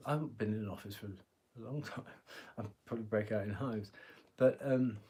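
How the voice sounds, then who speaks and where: A man's voice: on the low side, moderate pace, mellow. A man giving a live-stream tarot reading, chatty and joking, laughing often and swearing casually, talking into a phone. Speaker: tarot reader.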